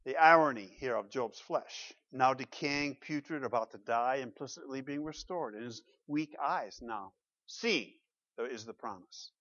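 A pastor preaches a sermon in church, swinging from loud, emphatic declarations to low asides and putting rhetorical questions to the congregation. He speaks unhurriedly, and the recording is dry and lo-fi.

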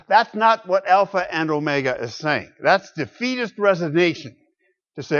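Emphatic preacher with a higher voice. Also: male voice, lively intonation, normal speed, highs cut off. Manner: emphatic, swinging from loud exclamations to low quiet asides. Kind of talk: sermon.

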